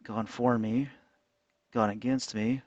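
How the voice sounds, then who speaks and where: A man ranting casually while trading on a chart, animated and mocking. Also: mid-range voice, slow, no echo. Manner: animated, mocking voices, frequent laughs. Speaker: trading vlogger. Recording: dull lo-fi dry sound.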